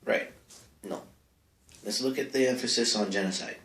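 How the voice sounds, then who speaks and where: A man hosts a comedic advice-column segment, rambling offhandedly with plenty of asides. He speaks at a moderate pace in a voice on the low side with a fairly bright tone, close to the mic in a small home studio that sounds like an echoey bare room.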